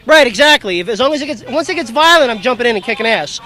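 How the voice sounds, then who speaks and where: A man's voice: very high-pitched, expressive, fast talker, a crowd in the background, low-quality recording. A man at an outdoor political rally, talking in a rambling, easily distracted way to an interviewer's camera. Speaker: rally attendee.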